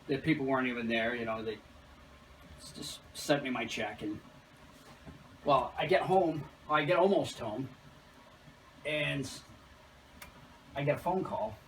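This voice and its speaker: Heard from a distance over outdoor noise, a man in a mid-range voice explains his work as a chimney sweep. He talks a little slowly, leaving long pauses, and tells animated anecdotes in a casual, chatty way.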